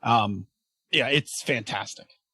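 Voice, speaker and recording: A man co-hosting a gaming podcast in casual chat, excitable and rambling, with many fillers and restarts. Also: medium pitch, slow, husky, dry recording. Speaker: podcast co-host.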